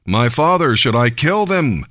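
A man's voice: mid-range voice, sing-song, a little slow, fairly bright tone, dry recording, clean studio sound. A man voicing a weary, troubled king in a Bible reading.

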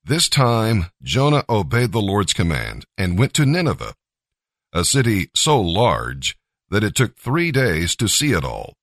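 A man narrating a scripture story in a measured, expressive reading. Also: on the low side, no room sound, studio quality.

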